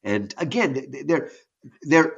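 A man talking about poetry and faith in an animated, conversational way, often stopping to read verse aloud. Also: mid-range voice, unhurried, gravelly, slightly rough, muffled recording. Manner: animated, enthusiastic, reads verse aloud with dramatic drops. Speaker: guest teaching on poetry and faith. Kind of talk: conversational lecture.

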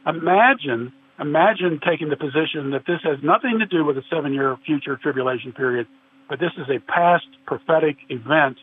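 A man's voice: fairly high pitch, fairly quick. A man guest in a religious discussion, earnestly explaining and quoting scripture at length. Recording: tinny phone-like line with faint hiss.

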